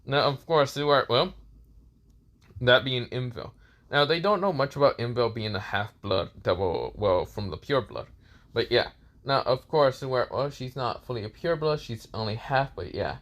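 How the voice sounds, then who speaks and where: A man casually retelling a fan story, halting, with many fillers and self-corrections. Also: medium pitch, lively intonation, a bit bright. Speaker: narrator.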